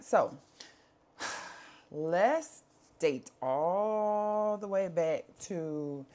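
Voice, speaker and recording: A woman's voice: deep voice, a little mellow. A woman in her thirties giving a candid personal life update from home, talking conversationally and repeating herself. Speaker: vlogger.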